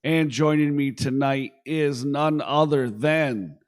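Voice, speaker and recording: Slow-talking male show host. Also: on the high side. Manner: joking, hype-man introductions. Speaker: podcast host. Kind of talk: casual chat.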